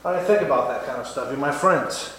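A man's voice: medium pitch, fairly quick. A man giving an earnest, repetitive testimony sermon in a church. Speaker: lay preacher giving testimony. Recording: echoey church room, faint noise.

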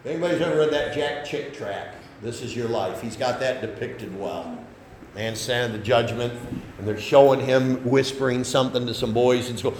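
A man's voice: medium pitch, fairly quick, slight background noise. Folksy preacher man in an echoey hall. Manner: emphatic, folksy and conversational, with swings between loud and soft. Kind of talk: sermon.

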